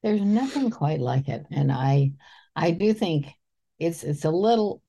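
An older woman co-hosting a podcast, telling family stories in a warm, chatty way. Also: deep voice, animated, unhurried, vocal fry, breathy edge. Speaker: podcast co-host. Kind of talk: casual reflective chat.

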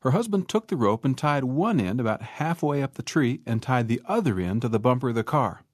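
A man spins a folksy story with a lively, swooping voice. He talks in a dry, close setting and acts out each person as he goes. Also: medium pitch, brisk, no echo. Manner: animated, acts out characters.

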